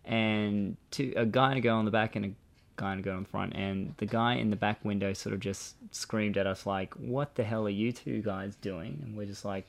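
A man's voice: fairly low pitch, steady tone, fairly quick, creaky. A young Australian man chatting casually on a podcast, telling a personal story with frequent restarts and fillers. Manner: conversational storytelling with many restarts. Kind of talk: casual chat. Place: Brisbane.

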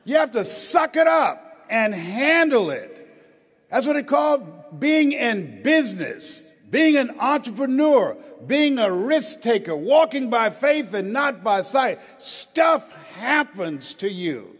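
A man's voice: very high voice, sing-song, slow, breathy edge. A man giving a rousing motivational speech on a stage, urging the audience to respond. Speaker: motivational speaker. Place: stage before a live audience. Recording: long hall reverb.

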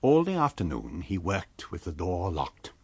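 A man narrating a classic novel as an audiobook, in a measured, expressive storytelling manner. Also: low voice, slightly rough, no echo.

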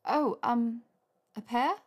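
A woman's voice: high-pitched, fairly quick, voice pushed up, natural voice. A woman voicing a flustered, bookish young woman who answers stiffly and stammers, in a storybook reading.

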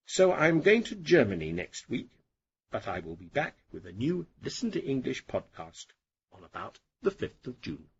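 A middle-aged man hosting an English-learning podcast, narrating a lesson slowly and clearly for learners. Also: medium pitch, huge pitch swings, muffled recording. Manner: slow, clear and deliberate for learners. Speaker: English teacher, podcast host.

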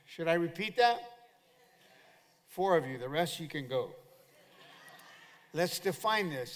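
Older male pastor preaching in a hall. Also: sits high. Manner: animated preaching with call-and-response to the congregation. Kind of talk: sermon. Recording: long hall reverb.

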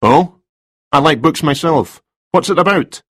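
A man's voice: fairly high pitch, animated, unhurried, a bit bright, no room sound, studio quality, voice pushed up. A man reading a story, voicing a stern male police detective with firm, clipped lines, a little raised from his usual tone.

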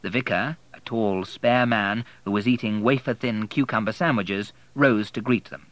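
A man narrating an audiobook in a measured, expressive way. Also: on the low side, dry recording, low-quality recording.

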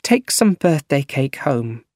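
A weary old widowed aunt, as a male reader puts her on, voice pitched way up and wavering, slow and tearful, told like a storybook in a dead-dry room. she sounds tired and worn down by grief. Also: very animated, darkish tone, no echo. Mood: gentle.

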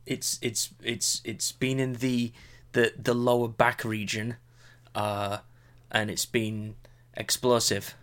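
A man co-hosting a casual chat podcast, rambling and halting with many restarts. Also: mid-range voice, little pitch movement, fairly bright tone. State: recovering from illness. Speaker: podcast co-host.

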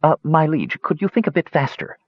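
A man voicing an excitable young male kender who whines and pleads, in a dull lo-fi recording. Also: a little high, brisk, breathy edge, no room sound, pitched above the performer's own voice. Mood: hesitant.

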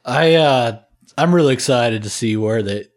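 A man's voice: mid-range voice, normal speed. A young man in casual podcast chat, laid-back with short replies. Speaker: podcast co-host.

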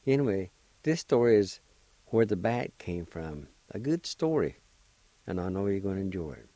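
A middle-aged man introduces a story on the radio in a relaxed, folksy manner. His voice sits low and mellow, recorded close and dry. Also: normal speed, dry recording. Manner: relaxed, chatty, gives friendly advice. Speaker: radio show host.

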